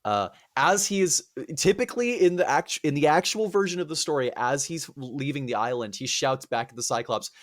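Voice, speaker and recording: Lively storytelling man host. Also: fairly high pitch, a little fast, hardly any pauses. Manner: animated, profane storytelling. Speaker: podcast host. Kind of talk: comedic storytelling podcast.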